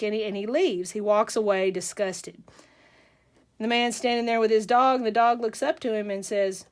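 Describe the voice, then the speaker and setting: A woman's voice: mid-range voice, steady tone, normal speed. A woman hosting a casual crafting tutorial, chatty and rambling, with asides and jokes.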